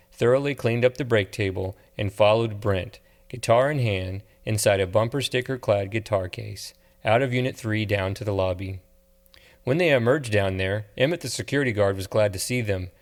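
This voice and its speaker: Male audiobook narrator, lower voice, measured delivery. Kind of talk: scripted narration.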